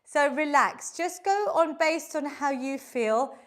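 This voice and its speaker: Her voice high and fairly bright, a woman fitness instructor takes it slowly as she runs a live online workout class. She coaches and encourages through each move while exercising, sounding a little breathy.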